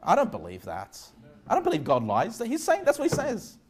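A man preaching a conversational sermon, moving between casual asides and loud, emphatic passages of prayer and scripture. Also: high-pitched, wildly swooping pitch, brisk, breathy edge. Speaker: pastor.

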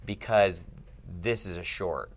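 Low-voiced and slow, this man is tutoring Greek in a one-on-one language lesson. He walks the student through things step by step, frequently checking that he's being followed.

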